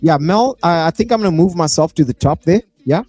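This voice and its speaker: A South African man doing live reaction commentary, animated and prone to bursting into shouts and whoops. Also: fairly high pitch, fairly quick. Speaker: reaction streamer.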